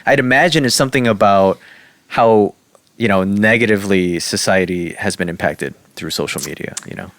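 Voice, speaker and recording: A man with a low voice lays out his opinions in a thoughtful, casual podcast chat, filling his sentences with "like." The recording is close and dry. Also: normal speed, fairly bright tone, no echo. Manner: thoughtful, opinionated, uses "like" often. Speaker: podcast co-host.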